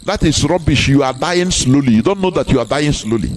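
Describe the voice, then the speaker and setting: A man's voice: mid-range voice, expressive, brisk, slight background noise. A man with a Nigerian Igbo accent giving a live broadcast speech, emphatic and full of repeated rhetorical questions. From southeastern Nigeria. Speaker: activist broadcaster.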